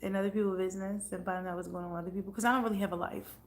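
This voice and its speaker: A woman's voice: mid-range voice, steady tone, racing, a little hiss or hum. A woman chatting casually on a livestream, blunt and profane. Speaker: livestream host.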